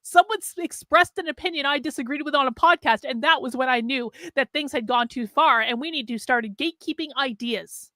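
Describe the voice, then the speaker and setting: A woman's voice: high voice, brisk, few pauses, a bit bright, no echo. A woman mocking a whiny, pompous man, putting on a clumsy accent in an exaggerated, sarcastic way.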